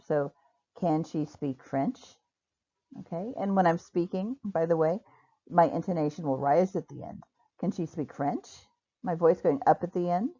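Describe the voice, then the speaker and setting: A woman teaching English grammar in a recorded online lesson, patiently spelling out example sentences slowly. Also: lowish voice, mellow. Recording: dull lo-fi recording.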